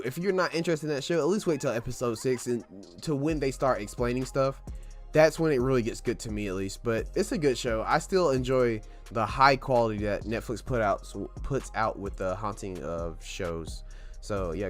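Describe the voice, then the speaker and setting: A young man hosting a podcast, talking casually in a rambling, joking way and swearing freely. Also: medium pitch. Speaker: podcast host. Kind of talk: casual solo podcast monologue.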